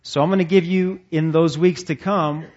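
A man's voice: fairly high pitch, fairly even intonation, normal speed, darkish tone, lo-fi sound. A man leading a men's ministry meeting, preaching in a folksy, conversational and self-deprecating way to men seated around tables. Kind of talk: sermon to a men's gathering.

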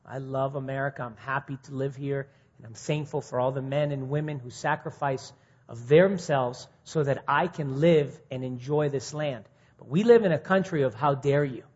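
A man giving an informal, earnest sermon to a men's group, swinging from quiet reflection to pointed, animated emphasis. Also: normal speed, breathy edge. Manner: earnest, rising to indignant mimicry, then dropping quiet. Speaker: speaker at a men's ministry meeting. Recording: muffled low-fidelity recording.

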